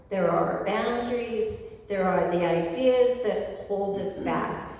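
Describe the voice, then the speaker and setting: Woman minister, sermon, slow and reflective, far-off mic in a reverberant hall. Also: mid-range voice, darkish tone. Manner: unhurried, reflective storytelling.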